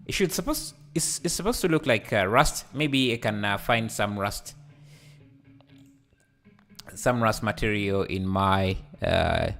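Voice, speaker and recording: A man hosting a live software tutorial, hesitant and full of fillers, laughing easily as he reads the chat. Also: lowish voice, lively intonation, measured pace, faint music behind. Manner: hesitant, many fillers and restarts. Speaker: livestreaming 3D tutor. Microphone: headset.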